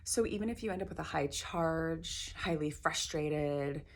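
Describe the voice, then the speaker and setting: A middle-aged woman leading a guided tapping session, gentle and encouraging, repeating phrases slowly. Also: deep voice. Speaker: tapping practitioner.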